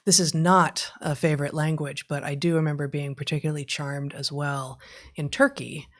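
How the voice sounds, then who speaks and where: A woman's voice: low voice, little pitch movement, normal speed. A woman co-hosting a livestream podcast, chatting casually, often laughing and reading out listener questions. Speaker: podcast co-host.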